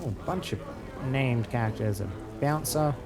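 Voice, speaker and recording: A man's voice: medium pitch, normal speed, over music. A man commenting wryly on a video game as he plays, often reading the dialogue aloud. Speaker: gaming streamer. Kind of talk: let's-play commentary.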